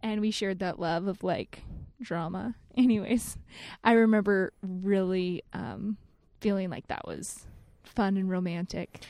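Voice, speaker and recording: A young adult woman co-hosting a casual chat with her husband, telling stories in a giggly, animated way with many "like"s. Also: mid-range voice, a little slow, hardly any pauses, no room sound, studio quality. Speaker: podcast co-host.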